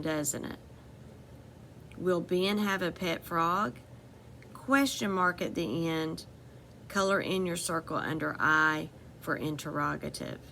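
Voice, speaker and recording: A woman's voice: lowish voice, creaky, a bit bright, a little hiss or hum. A woman teaching a phonics lesson to children, patiently repeating each word and giving step-by-step instructions.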